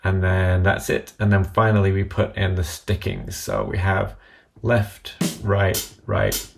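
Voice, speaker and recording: A man calmly explaining an app step by step in a screen-recorded tutorial voice-over. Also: deep voice, measured pace, creaky, background noise.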